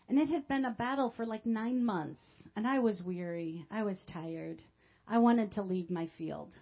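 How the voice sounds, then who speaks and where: A woman pastor telling a personal testimony in a sermon, with emotional storytelling that swings from quiet to loud. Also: fairly high pitch, highs cut off.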